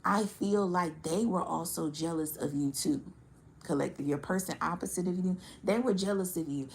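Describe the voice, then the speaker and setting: A woman giving a casual tarot reading to her audience, blunt and profane, animated and laughing often. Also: lowish voice, normal speed, gravelly, a little hiss or hum. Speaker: tarot reader.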